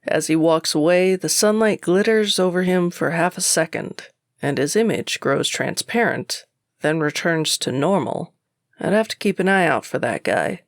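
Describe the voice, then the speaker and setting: Woman narrator, gravelly, sardonic first-person audiobook read, dry. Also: on the low side, expressive, moderate pace, dry recording.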